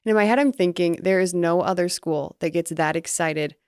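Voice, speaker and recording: Woman, lower voice, bubbly and laughing, dry studio mic. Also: normal speed, darkish tone, clean tone, no room sound. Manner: bubbly, self-deprecating, laughs often. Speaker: podcast co-host. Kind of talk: casual sports podcast chat.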